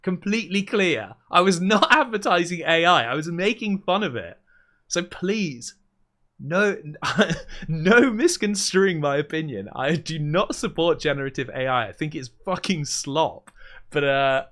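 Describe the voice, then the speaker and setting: Guy chatting on his stream, bright crisp voice, deadpan, kinda rambly. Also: fairly high pitch, a little slow. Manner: dry, deadpan delivery; rambling, thinking aloud. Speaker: livestream host. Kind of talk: casual livestream chat.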